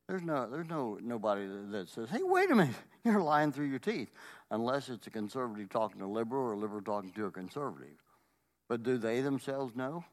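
Male pastor, sermon, emphatic, mid-range voice, rhetorical questions. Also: mid-range voice.

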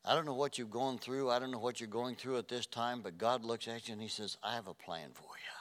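An older man preaching a sermon, earnest, dropping to a hush and then rising loud. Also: medium pitch, fairly quick. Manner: earnest, swings from hushed to loud. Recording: reverberant hall.

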